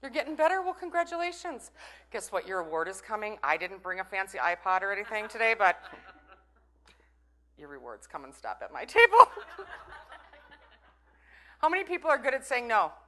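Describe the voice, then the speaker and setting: A middle-aged woman gives a motivational talk to a live audience. Her voice is bright and forward, sitting in an ordinary middle register. She is chatty and playful and keeps teasing her listeners. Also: medium pitch, big pitch swings, moderate pace, pauses often. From Minnesota. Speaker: conference breakout speaker.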